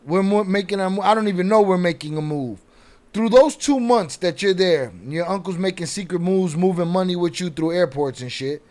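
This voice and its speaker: A man's voice: sits high, fairly quick, a little mellow. A man hosting a livestream, interviewing a guest in a blunt, profane, encouraging way. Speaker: livestream host.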